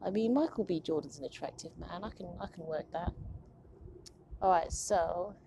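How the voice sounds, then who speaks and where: This young vlogger talks at a normal pace in a creaky voice on the low side, against a noisy background. She rambles through a casual, confessional chat on her own channel, poking fun at herself and laughing a lot, captured on a phone or cheap camera.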